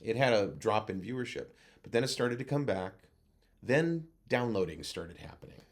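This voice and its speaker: A man, a guest actor and voice-over coach, telling lively anecdotes in a casual interview over a video call. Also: lowish voice, normal speed. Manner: animated anecdote teller who acts out other voices.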